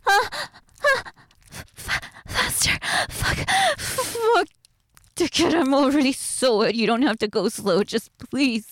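A woman voicing a submissive, flustered young housewife in an adult audio role-play, breathy and pleading. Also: high-pitched, a bit bright, exaggerated voice.

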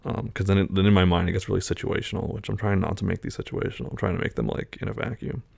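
A man's voice: low-pitched, fairly even intonation, quick pace, creaky, a little mellow, slightly rough, no echo. A man talking casually as he works through a quiz aloud, hesitating and musing between the options. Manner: thinking aloud, hesitant, muttering fillers. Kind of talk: casual talk, taking an online quiz aloud.

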